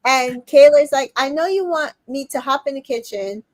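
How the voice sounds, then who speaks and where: A woman hosting a casual recap chat, retelling scenes and quoting the cast in quick put-on voices, with plenty of fillers. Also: sits high, animated, dry recording. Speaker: podcast host recapping a reality show.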